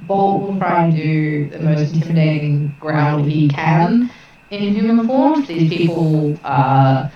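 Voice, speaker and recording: A woman's voice: low-pitched, expressive, slow. A woman from the UK playing a tabletop game, hesitant and thinking aloud as she asks about her character. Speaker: player. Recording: distant dull mic in a very echoey room.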